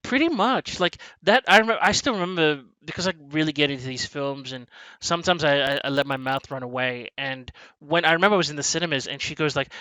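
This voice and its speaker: A man hosting a casual movie review chat, animated and swearing freely as he acts out scenes. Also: fairly high pitch, fast talker, no echo, poor audio. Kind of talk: casual film discussion.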